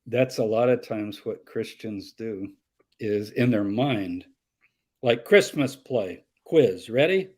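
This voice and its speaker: Animated older male storyteller. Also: on the low side, takes it slowly, husky. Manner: animated storyteller who acts out quoted voices and laughs often. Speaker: guest scholar answering audience questions. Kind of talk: live conversational Q&A.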